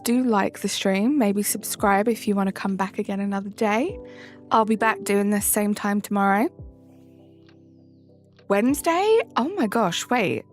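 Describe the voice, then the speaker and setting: A young English woman streaming live, chatting with viewers and greeting them by name, her sentences rising at the ends. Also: on the high side. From England. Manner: bubbly, greets chatters by name, sing-song rising endings. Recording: faint music behind. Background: faint background music.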